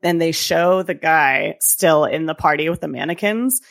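Animated woman with a gravelly low voice. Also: moderate pace. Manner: animated retelling with quoted voices and frequent laughs. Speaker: podcast co-host. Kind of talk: casual chat.

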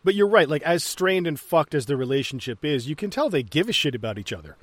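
A podcast co-host talks fast in a slightly high voice whose pitch swings widely. He chats casually about a movie, swearing freely and laughing often.

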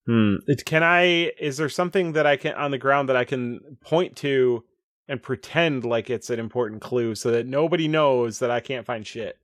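A man's voice: medium pitch, normal speed. A man playing a tabletop game with dry, wry humor. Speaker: player.

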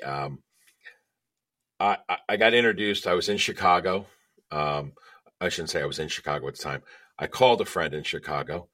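A man's voice: deep voice, a bit bright. A middle-aged man, a podcast guest, telling stories emphatically in casual chat and checking in with "okay?".

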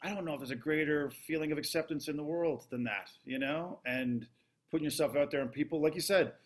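A man's voice: a little high, brisk. A man hosting a casual chat, speaking enthusiastically and affirming his guest. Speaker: podcast host.

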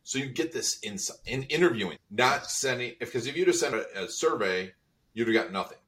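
A man's voice: medium pitch, animated, a little fast, fairly bright tone. A man hosting an interview in casual chat, agreeing and asking follow-up questions. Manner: agreeable, short affirmations. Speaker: podcast host. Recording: distant from the mic.

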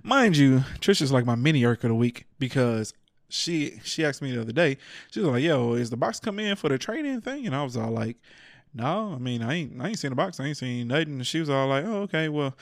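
A man's voice: medium pitch, fairly quick, no room sound, studio quality. A man telling a story in casual chat, cursing freely, laughing often and acting out what other people said. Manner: profane, animated, acts out quoted people.

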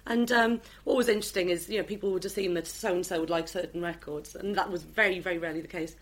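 A woman's voice: on the low side, fairly even intonation, quick pace. A woman with a Welsh accent chatting casually and rambling, with many ums and restarts. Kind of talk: casual chat.

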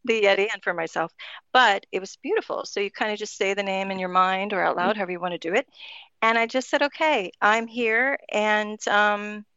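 A woman's voice: mid-range voice, a little fast, sharp tone, clear, resonant tone, no room sound. Chatty woman guest, muffled dry audio. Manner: chatty and spiritual, laughs often, many "like" fillers. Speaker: podcast guest. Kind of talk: casual conversation.

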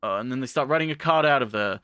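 A man co-hosting a podcast, casually recapping with rambling, profane asides and quick acted-out lines. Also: mid-range voice, bright, forceful tone, clear, resonant tone, dry recording. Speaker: podcast co-host.

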